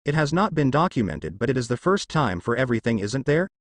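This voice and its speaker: A man's voice: mid-range voice, very animated, a little fast, no room sound. A man reading as an amused primordial goddess. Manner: giggling, light.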